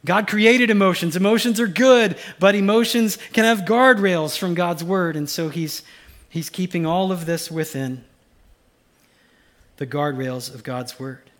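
A pastor preaching a sermon, swinging from loud urgency to a hushed, almost whispered delivery. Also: male voice, high-pitched, measured pace. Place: church sanctuary.

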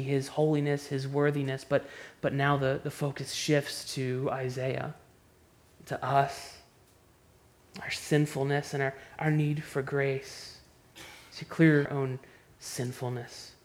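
A man preaching a sermon, moving between hushed, quiet passages and loud, impassioned ones, often restarting his words. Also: medium pitch. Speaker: pastor.

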